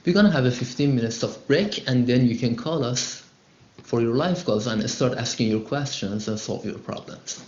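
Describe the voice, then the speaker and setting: A man's voice: medium pitch, normal speed, a little mellow, roomy sound, highs cut off. A man teaching an English lesson and answering students' calls in an upbeat, chatty way, with lots of fillers. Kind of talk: live lesson and call-in Q&A.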